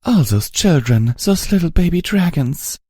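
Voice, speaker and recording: A man's voice: fairly high pitch, animated, normal speed, mellow, slightly rough, no room sound, voice pushed up. A man voicing a grieving young pony mare in a storybook reading, speaking in a choked, trembling way. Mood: tearful.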